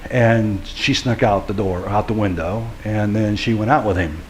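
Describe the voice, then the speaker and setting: A middle-aged man, a pastor, giving a sermon in an earnest storytelling way that builds to forceful preaching. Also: on the low side, moderate pace, a little hiss or hum.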